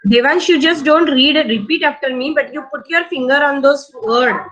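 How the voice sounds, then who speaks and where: A woman's voice: sits high, a little fast, a bit bright, dull audio, slight background noise. Patient woman teacher prompting young readers. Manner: patient, prompts words and has pupils repeat after her. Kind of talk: guiding a children's reading lesson.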